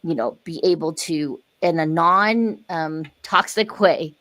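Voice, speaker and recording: A middle-aged woman, a podcast guest, telling personal stories in casual chat and acting out her own past words with lively emphasis. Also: deep voice, slow pace. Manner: animated storyteller, acts out her own voice in quotes. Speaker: guest, dance wellness coach.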